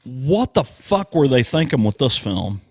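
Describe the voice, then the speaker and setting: Slow, emphatic man ranting about a film. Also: medium pitch, big pitch swings, a little mellow, breathy edge, dry recording. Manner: slow, emphatic, profane, worked up. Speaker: podcast co-host. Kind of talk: casual podcast chat.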